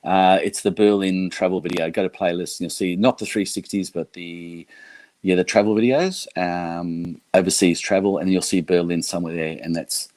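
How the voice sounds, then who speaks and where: A man's voice: deep voice, steady tone, moderate pace, darkish tone, no room sound. A man, chatting casually on a livestream, rambling with many fillers and restarts. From Australia. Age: 60s. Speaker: YouTube creator and electric skateboard rider.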